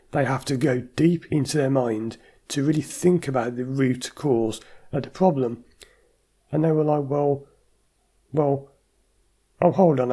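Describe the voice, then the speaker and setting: Man, therapist, casual storytelling, husky, dark tone. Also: mid-range voice. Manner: anecdotal, acts out client stammering. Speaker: driving anxiety therapist. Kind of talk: casual talk to camera.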